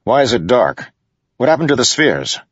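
A man's voice: mid-range voice, big pitch swings, drawn-out words, slightly rough, dry recording, pitched above the performer's own voice, full character voice. A man voicing an eager young prince and swordsman, in an audiobook reading. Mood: alarmed. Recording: dull lo-fi audiobook recording.

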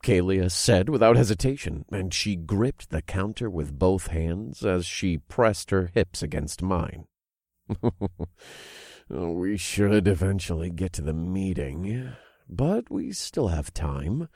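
A man narrating an adult audiobook in the first person, with an expressive reading that builds in intensity. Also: deep voice, slow, no echo, clean studio sound.

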